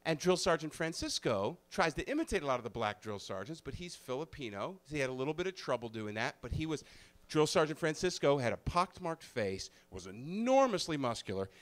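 A male comedian telling a personal story live on stage, animated and profane, moving between loud bursts and hushed, confessional moments. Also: fairly high pitch, brisk.

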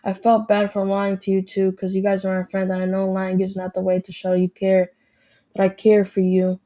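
A woman as little boy fox, storybook kid, earnest, flat delivery, mellow tone, lo-fi. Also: medium pitch, normal speed, natural voice. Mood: tearful. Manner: earnest, tearful pleading. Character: young male fox, fibbing then remorseful.

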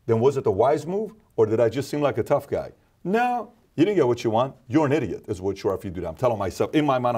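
A man talking as an interview guest, emphatic and preachy, dropping from loud to low. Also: slightly rough. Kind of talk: casual interview talk.

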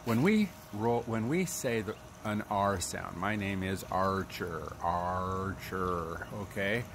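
A man teaching pronunciation in a patient way, repeating sounds slowly to demonstrate them. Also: on the low side. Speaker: language teacher. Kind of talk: spoken tutorial. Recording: noisy background.

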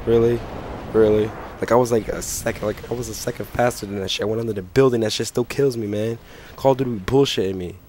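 A young man with a sick, hoarse voice, ranting and swearing through casual gameplay commentary. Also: lowish voice, fast, darkish tone, slight background noise. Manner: profane, ranting, frustrated. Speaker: gaming channel host.

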